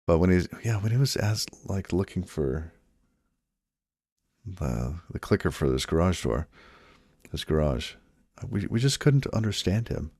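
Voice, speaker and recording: A man with an extremely deep, low voice talks casually to himself while debugging code on a stream. He mutters and trails off, now and then chatting to his viewers. The sound is dry and close. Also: big pitch swings, unhurried, pauses often, a little mellow, no echo. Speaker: programmer live-streaming his coding.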